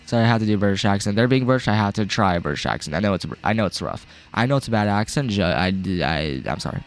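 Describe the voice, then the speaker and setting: A man's voice: on the low side, animated, fast, faint music behind. Chatty man narrating a game. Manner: rambling, chatty, self-correcting. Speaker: game walkthrough host. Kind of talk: casual gameplay commentary.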